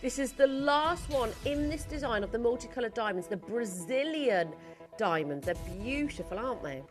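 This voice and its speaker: A woman's voice: on the high side, expressive, moderate pace, music in the background. A woman presenting live on a shopping channel from a TV studio, speaking in chatty, gushing sales patter full of asides.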